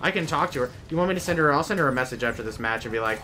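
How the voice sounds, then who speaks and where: A man talks over his gameplay in loose, chatty commentary, wandering between topics and leaving sentences unfinished. His voice is bright and forceful at a middling pitch, with faint noise in the background. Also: expressive, rapid-fire, few pauses. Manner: rambling and chatty, trailing off mid-sentence. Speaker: game streamer.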